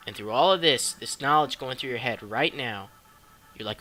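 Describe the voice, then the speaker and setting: A man's voice: a little high, fairly quick. A young man casually reviewing a film for a vlog, chatty and swearing freely as he talks through the plot. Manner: excitable, profane, chatty. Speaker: movie reviewer.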